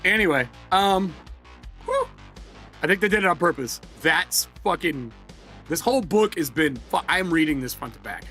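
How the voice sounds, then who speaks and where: A man's voice: on the high side, lively intonation, moderate pace, sharp tone, faint music behind. A man hosting a casual live stream, reading from a book aloud and riffing with profanity. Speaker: streamer host.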